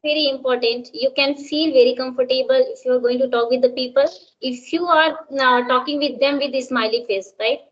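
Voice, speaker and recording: Indian English woman, teacher, casual practice chat; high voice, muffled lo-fi audio, keeps tagging "right?". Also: fairly even intonation, brisk, hardly any pauses. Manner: frequent tag "right?". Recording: dull lo-fi sound.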